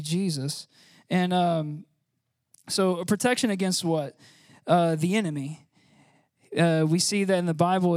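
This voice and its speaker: A man giving an informal, chatty sermon, laughing often and filling pauses with "uh". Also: high-pitched, dry recording, clean studio sound. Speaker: church speaker.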